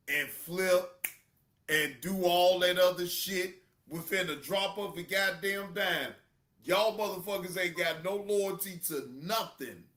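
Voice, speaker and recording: A man with a high, bright, edgy voice delivers a profane comedic rant as a reaction streamer. He takes his time with the lines, mocks, shouts now and then, and sounds like he is in an echoing room. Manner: cursing, mocking, bursts into loud laughter and shouts.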